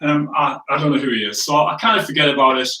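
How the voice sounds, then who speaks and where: A man's voice: a little high, very fast, sharp tone. A man preaching a sermon, telling a story in a chatty, self-mocking way and often checking in with the listeners. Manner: chatty, self-mocking, frequent "right?" asides. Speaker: pastor. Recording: echoey room, distant from the mic.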